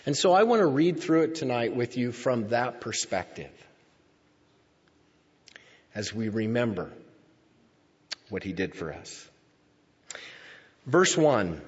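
A man delivers a sermon at an unhurried pace, his voice slightly husky as he draws out the words he wants to land. The recording is muffled and dull, with a long reverb trailing off around a church sanctuary. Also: medium pitch, big pitch swings. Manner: slow deliberate preaching, drawn-out emphatic words. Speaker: pastor. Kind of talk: sermon reading and explaining scripture.

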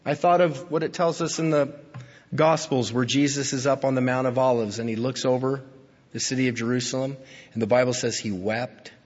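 A man preaching a sermon with deep feeling, his voice going from hushed to emphatic. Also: steady tone, brisk. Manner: emotional, swinging from hushed to emphatic. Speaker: pastor. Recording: dull lo-fi sound with long hall reverb.

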